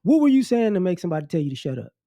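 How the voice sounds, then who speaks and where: High-voiced guy ranting at the camera, blunt, scolding, kinda mocking, keeps repeating himself. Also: sing-song, racing, mellow, no room sound. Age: adult. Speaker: commentary channel host. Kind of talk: opinion rant to camera.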